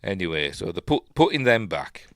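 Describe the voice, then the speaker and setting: A man's voice: low-pitched, very animated, moderate pace, no echo, clean studio sound. A man with a Yorkshire accent hosts a podcast and recaps a film in a loose, chatty way. He fills his talk with ums, corrects himself often and adds wry asides. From Yorkshire, England. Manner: rambling and chatty, with many ums and self-corrections; wry asides and soft chuckles. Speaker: podcast host reviewing a film. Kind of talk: casual film recap commentary.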